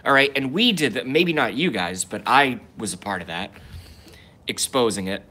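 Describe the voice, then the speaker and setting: A young man holds forth alone on a livestream in a rambling rant. His voice is bright and slightly sharp at an ordinary middle pitch. He stops and restarts his sentences constantly and breaks off to read viewer comments aloud. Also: lively intonation, normal speed. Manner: rambling, stop-start with many restarts and asides; reads viewer comments aloud and answers them. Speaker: livestream host.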